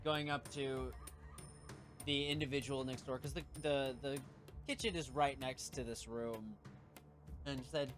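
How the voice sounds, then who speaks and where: A man's voice: mid-range voice, steady tone, a little slow, long pauses, a bit bright, soft background music. A man narrating as game master for a tabletop game, in a loose way with lots of fillers.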